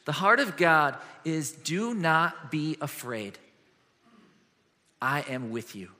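A man preaching a sermon as a pastor, animated and earnest, moving between lively questions and hushed, gentle passages. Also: a little high, slow. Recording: long hall reverb.

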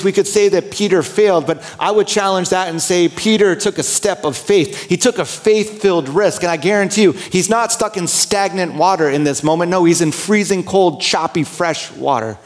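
Speaking a little higher than most men, a male pastor delivers a sermon in a relaxed, conversational, candid style. Along the way he slips into quick quoted prayers and inner asides, acting out his own internal dialogue.

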